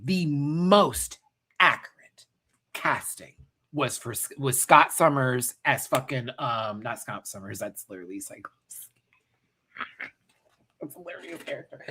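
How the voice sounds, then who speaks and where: A man's voice: medium pitch, a bit bright. A man in his thirties hosting a casual pop-culture rant, sassy and campy with frequent laughs. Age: 30s. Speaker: host.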